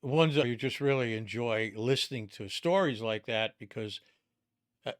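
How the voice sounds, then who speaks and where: A man hosting a leadership podcast, speaking in a halting way and often restarting his sentences. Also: medium pitch. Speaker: podcast host. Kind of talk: interview conversation.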